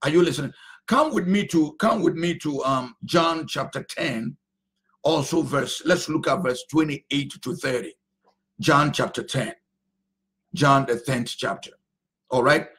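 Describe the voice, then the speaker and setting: A man's voice: on the high side, unhurried, fairly bright tone. A male pastor preaching a sermon, drawing out phrases and repeating them for emphasis.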